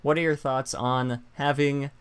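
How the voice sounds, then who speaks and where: Steady, unhurried and clear, this podcast host has a resonant medium-pitched voice. He keeps things chatty and self-deprecating, reading out quotes as he goes.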